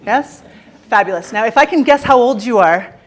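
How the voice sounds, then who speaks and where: Keynote speaker: Canadian woman, slightly high voice, playful, teases the crowd. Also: animated, moderate pace. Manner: playful, jokey, teasing the audience. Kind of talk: motivational stage talk. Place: conference stage.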